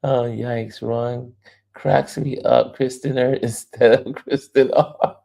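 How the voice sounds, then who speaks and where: A man's voice: mid-range voice, takes it slowly, creaky. A man hosting a casual livestream, chatting loosely and reading viewer comments aloud with frequent laughter. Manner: animated, laughs often, reads chat aloud. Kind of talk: casual live chat.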